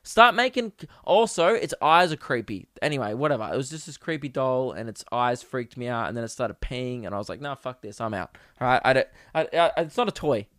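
A man's voice: mid-range voice, sing-song, brisk, hardly any pauses, fairly bright tone, dry recording, studio quality. Rambling young man, podcast host. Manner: rambling, profane comic storytelling. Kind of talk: casual solo podcast monologue. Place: home podcast setup.

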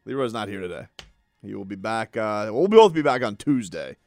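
Animated male sports radio host. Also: on the low side, vocal fry, dry recording, soft background music. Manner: animated, joking, quick to shout out lines. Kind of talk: casual sports radio banter.

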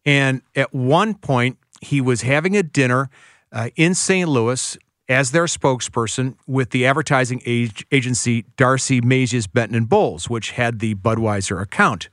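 A man's voice: medium pitch, moderate pace, a bit bright, no room sound, studio quality. A male author, a guest on a radio show, who tells one anecdote after another in a chatty way. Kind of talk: radio interview.

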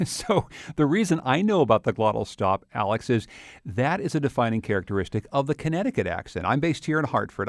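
A man's voice: medium pitch, creaky, dry recording, studio quality. A man hosting a conversational radio interview, curious and asking follow-up questions. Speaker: radio host.

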